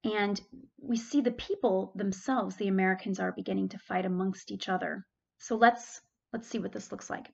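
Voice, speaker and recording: A woman's voice: medium pitch, fairly even intonation, moderate pace, creaky, husky, dull audio. A woman giving a chatty classroom history lecture, correcting herself and adding asides. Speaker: history teacher.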